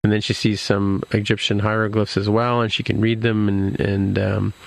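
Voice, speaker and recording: A man's voice: lowish voice, level tone, moderate pace, gravelly. A man hosting a podcast, recapping a TV episode in casual chat, rambling with many restarts and fillers. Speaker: podcast host.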